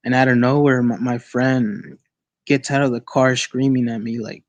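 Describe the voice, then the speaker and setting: With fairly even intonation and a mid-range voice, a man shares a personal experience as a guest on an online call. His speech is casual and halting, full of restarts and repetitions, and the recording is dry.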